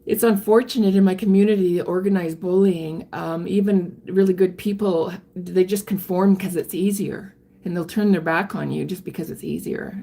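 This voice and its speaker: An older woman, chatting candidly on a live stream and answering viewer comments in a halting way, often restarting her sentences. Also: on the low side, fairly even intonation, vocal fry, dark tone. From Canada. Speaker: livestreamer reading viewer comments. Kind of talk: casual live-stream chat.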